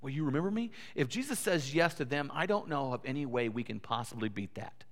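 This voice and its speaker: Earnest pastor in a reverberant church. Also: male voice, mid-range voice, brisk. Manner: earnest, rising to emphatic peaks, repeats words. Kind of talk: sermon. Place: church sanctuary. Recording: long church hall reverb.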